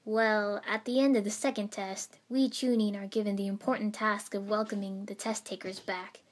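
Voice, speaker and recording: A kind, patient young male ninja teacher with a friendly, explaining manner, as a woman reading a story puts him on. He sounds warm toward his students, a storybook character. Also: mid-range voice, steady tone, normal speed, natural voice.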